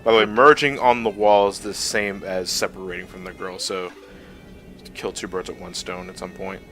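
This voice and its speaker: A man's voice: low-pitched, fairly even intonation, moderate pace, music in the background. A man co-hosting a casual gaming livestream, laughing often and swearing casually while he plays. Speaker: livestream co-host playing the game.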